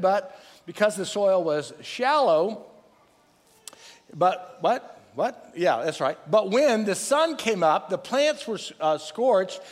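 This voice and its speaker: A middle-aged man preaching a sermon as pastor, energetic, calling on the congregation to answer back and restarting phrases as he goes. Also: sits high. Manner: energetic, calls for crowd responses, restarts phrases. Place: large church hall. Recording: long reverb from a large church hall.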